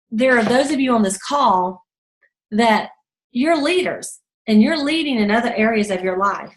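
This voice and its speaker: Chatty woman, echoey room. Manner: chatty storyteller, acts out quotes in a high voice. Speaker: sales team leader. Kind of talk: motivational team call talk.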